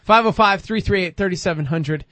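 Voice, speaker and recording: A man with a high, light voice co-hosting a call-in radio show. He chats loosely and cheerfully and laughs easily. The studio sound is dry and close. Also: brisk, a bit bright, no room sound. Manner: upbeat, loose, laughs often. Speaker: radio co-host. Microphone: studio microphone.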